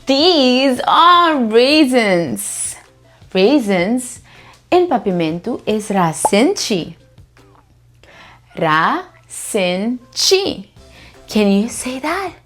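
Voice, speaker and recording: A woman teaching vocabulary to toddlers, prompting children to repeat each word slowly after her. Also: fairly high pitch, big pitch swings, soft background music.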